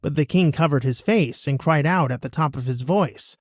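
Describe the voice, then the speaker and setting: A man reading a Bible passage aloud in a steady, expressive way. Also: on the high side, moderate pace, hardly any pauses, no room sound, clean studio sound. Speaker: scripture reader.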